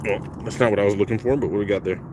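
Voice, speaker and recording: A man hosting a casual live stream outdoors on a rocky shoreline, chatting, greeting viewers by name and laughing easily, recorded on a phone held in one hand, his voice a little rough from the morning. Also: on the low side, steady tone, rapid-fire, background noise. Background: faint outdoor waterside ambience.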